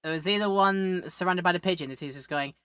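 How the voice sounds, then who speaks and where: Woman rambling through a game stream, bright voice, kinda lowish. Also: quick pace, smooth, dry recording. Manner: chatty and rambling, with joke voices. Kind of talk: game let's play commentary.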